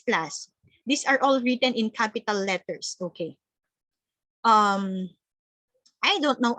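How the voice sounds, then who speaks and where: A woman's voice: a little high, fairly bright tone, no room sound. A woman with a Filipino accent teaching a journalism class, explaining points step by step and often checking in with her students. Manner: instructive, frequent "okay?" check-ins, code-switching. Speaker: journalism lecturer. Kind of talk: classroom lecture.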